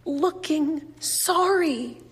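A woman reading first-person literary fiction aloud in a measured, wistful, softly expressive way. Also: high-pitched, long reverb tail. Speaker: reader.

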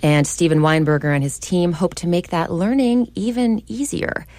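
Low-voiced woman radio reporter. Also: animated, normal speed, darkish tone, dry recording. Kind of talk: radio feature narration.

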